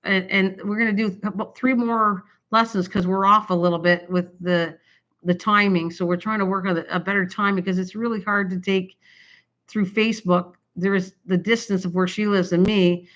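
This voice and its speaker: An older woman hosts a craft livestream, her mid-range voice steady, a bit bright, and moderately paced. She rambles casually to viewers and laughs often, picked up by a built-in camera mic.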